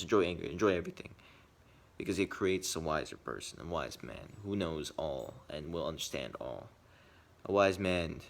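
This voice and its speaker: A man giving earnest personal commentary, swinging between quick bursts and quiet, reflective asides. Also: deep voice. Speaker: video essayist.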